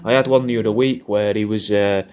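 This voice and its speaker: A man's voice: on the low side, steady tone, a little fast, a little mellow, slight background noise. A man rambling through a crude comic birthday message, repeating himself as he goes. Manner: rambling, repeats himself, crude jokes, puts on silly voices in quotes. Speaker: comedian recording a personalised video message.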